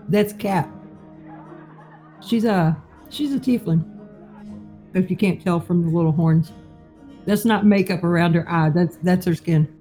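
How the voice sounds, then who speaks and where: Mellow-voiced woman game master. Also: on the low side, faint music behind. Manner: playful, quick to laugh. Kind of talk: narrating a tabletop game.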